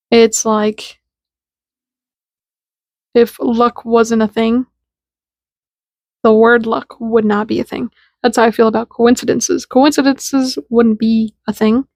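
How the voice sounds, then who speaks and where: A woman with a somewhat high voice talks casually about spirituality, chatty and full of slang. She keeps slipping into little acted-out exchanges to make her point. The sound is dry and close, with no room echo. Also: creaky, a little mellow. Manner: chatty and informal, acts out little dialogues in quotes; slangy, with lots of "like" fillers. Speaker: spiritual content creator. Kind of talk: casual spiritual talk to camera.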